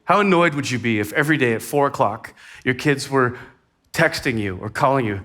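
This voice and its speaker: A man preaching a sermon as a pastor in a church, talking conversationally, with sudden lifts in energy and quiet, soft drops. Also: medium pitch, lively intonation, brisk.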